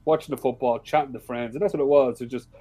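A man's voice: medium pitch, fast talker, husky, poor audio. Sweary Irish man chatting casually. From Ireland. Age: adult, with a father-in-law. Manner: swears freely, animated storytelling. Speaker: podcast guest. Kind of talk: casual chat.

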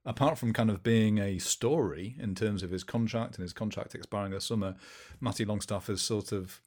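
A man's voice: fairly low pitch, normal speed, darkish tone. A man co-hosting a casual football chat, teasing his colleagues. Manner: teasing, banter-heavy. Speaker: podcast co-host.

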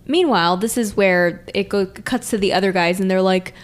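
A woman's voice: medium pitch, normal speed. A woman co-hosting a casual podcast, chatting and laughing as she retells scenes from an anime. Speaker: podcast co-host. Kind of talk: casual chat recapping an anime.

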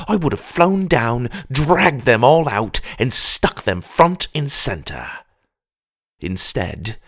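A man narrating a fantasy storybook in the first person with a dramatic, animated reading. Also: medium pitch, creaky.

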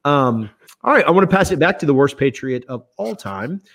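A man's voice: a little high, sing-song, brisk, fairly bright tone. A man hosting a casual bourbon review chat, teasing his co-host playfully and reading labels aloud.

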